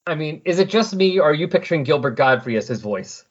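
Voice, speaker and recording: A man's voice: fairly high pitch, lively intonation, quick pace, husky, highs cut off. A man hosting a podcast, recapping comic book scenes in casual chat and animatedly acting out the characters' lines. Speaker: podcast host.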